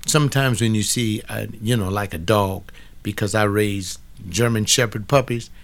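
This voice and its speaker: A man's voice: on the low side, normal speed. An older man, casually commenting on a book in a blunt, preachy way, often arguing with an imagined listener.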